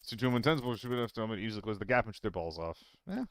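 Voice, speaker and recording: A man giving casual commentary while streaming a game, rambling and answering chat, with hiccups and throat clearing. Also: on the low side, animated, racing, a little hiss or hum.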